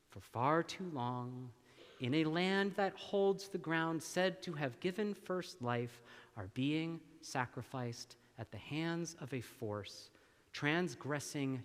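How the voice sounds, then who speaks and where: A male minister preaching a sermon, slow and deliberate, with long dramatic pauses. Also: mid-range voice. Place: church sanctuary. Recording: long church reverb.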